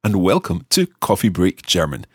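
A man hosting a podcast language lesson, carefully and slowly repeating phrases after his co-host. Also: sits low, wildly swooping pitch, slightly rough, no echo, clean studio sound. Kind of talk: friendly scripted lesson banter.

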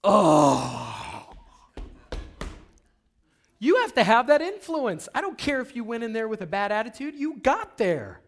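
A man giving a motivational seminar talk to an audience, asking them questions and swinging from hushed whispers to loud, emphatic bursts. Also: very high voice, sing-song, brisk, few pauses. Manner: addresses the audience directly with rhetorical questions. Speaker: motivational speaker.

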